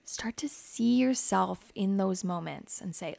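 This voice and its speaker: Therapist lady hosting a podcast, asks lots of questions, gravelly voice, dry sound. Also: medium pitch, a little slow, hardly any pauses, a little mellow, no echo. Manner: reflective, asks many questions. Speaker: psychotherapist podcast host. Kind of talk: gentle guidance to listeners.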